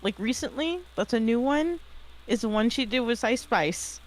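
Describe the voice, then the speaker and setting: A woman's voice: fairly high pitch, lively intonation, normal speed, poor audio. Playful woman on voice chat. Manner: playful, stammering restarts. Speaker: friend on voice chat. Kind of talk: casual joking chat.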